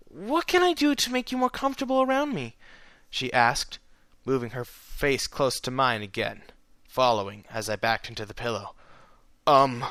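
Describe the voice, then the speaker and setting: A man reading a first-person story aloud in steady, plain narration that sometimes slows into a hushed tone. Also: mid-range voice, no room sound. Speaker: reader of fan fiction.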